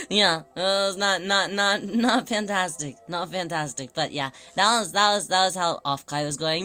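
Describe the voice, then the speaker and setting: A man hosting a casual livestream chat, telling stories in an animated way and laughing often. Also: sits high, measured pace, soft background music. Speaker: livestream host.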